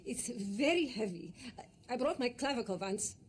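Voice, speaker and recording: An eager, dutiful wife speaks with a Czech accent, played by a woman, in halting, broken English. A faint hiss runs underneath. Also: a little high, lively intonation, lightly acted.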